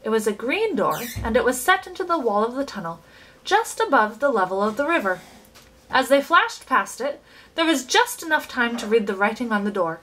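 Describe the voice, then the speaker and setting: A woman reading a children's book aloud with expressive, animated storytelling. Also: a little high, normal speed, poor audio. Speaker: reader.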